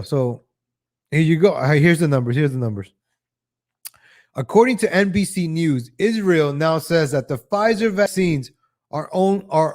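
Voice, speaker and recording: A man's voice: on the high side, darkish tone. A man whose first language is Spanish, hosting an opinion commentary show in a ranting, sarcastic, emphatic way. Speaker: show host.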